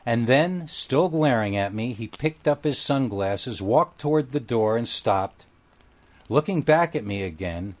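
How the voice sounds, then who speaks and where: A man's voice: mid-range voice, lively intonation, a little slow. A man narrating a first-person story in a casual, wry storytelling manner.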